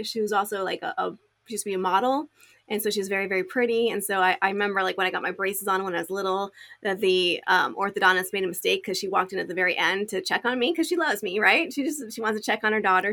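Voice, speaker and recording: Gravelly bright-voiced woman guest. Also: medium pitch. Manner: chatty, many restarts and fillers. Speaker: interview guest. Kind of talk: conversational storytelling.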